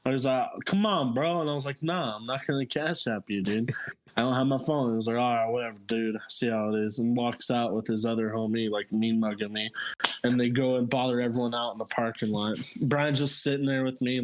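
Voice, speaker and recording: A young man casually telling a story on a podcast, animated and laughing, jumping into squeaky high voices for quotes. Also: a little fast. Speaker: podcast co-host.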